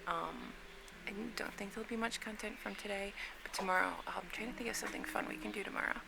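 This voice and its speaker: Woman, book vlogger, rambling casual chat, fry in the voice, noisy home recording. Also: medium pitch, fast. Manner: rambling, chatty, full of "like" and "um".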